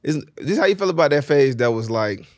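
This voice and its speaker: Fast-talking, rambling man. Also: a little high, animated, no room sound, clean studio sound. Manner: fast, rambling, laughs often. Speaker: podcast guest, rapper from Atlanta group. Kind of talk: casual chat.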